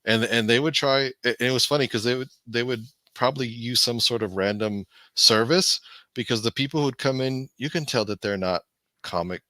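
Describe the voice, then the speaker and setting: A man's voice: mid-range voice, bright, forceful tone, no room sound. A man chatting on a live show about running a comic shop, rambling with many restarts. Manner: rambling, halting, lots of restarts and fillers. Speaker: former comic shop owner, co-host. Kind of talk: casual live-stream chat.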